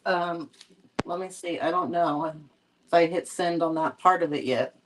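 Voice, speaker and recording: A woman co-hosting a casual live podcast chat, gently teasing and giving advice. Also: fairly low pitch, fairly even intonation, measured pace, slight background noise, low-quality recording. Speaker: podcast co-host.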